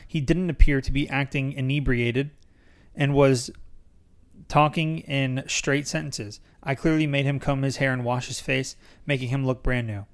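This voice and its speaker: A young man reads his own memoir aloud on his podcast in a mid-pitched voice. He trips over words now and then and restarts the sentence. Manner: stumbles over words and restarts while reading. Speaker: podcast host reading his own book.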